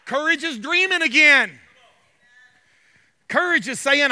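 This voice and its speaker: A man preaching a sermon in a church. He urges the congregation to answer back, then drops to quiet, confiding talk. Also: very high voice, lively intonation, a little slow, long pauses. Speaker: pastor.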